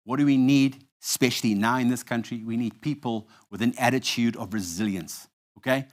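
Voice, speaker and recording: A man's voice: medium pitch, brisk. A man from South Africa hosts a live awards night, telling stories in a playful, easy manner. His voice sits in a middle register. He works a live room, mixing anecdotes with announcements. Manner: storytelling, playful, shifts to loud hype when announcing. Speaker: awards host. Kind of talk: live stage hosting with anecdotes. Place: live event venue.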